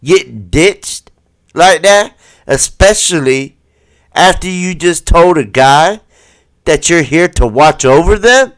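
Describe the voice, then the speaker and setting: A man comments on video footage during a livestream, taking his time and swinging his fairly high voice up and down. He swears freely and keeps pressing viewers with rhetorical questions. The sound is dry and close. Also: lively intonation, slow pace, no echo. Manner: acts out the people in the footage in quoted voices. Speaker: livestream host.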